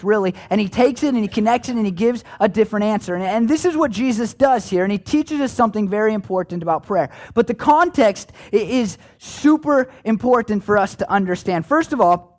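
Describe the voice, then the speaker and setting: Guy with a high voice preaching, chatty and folksy, throws in jokey asides. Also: expressive, fairly quick, few pauses. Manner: conversational and folksy, with playful asides. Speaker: pastor. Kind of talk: sermon.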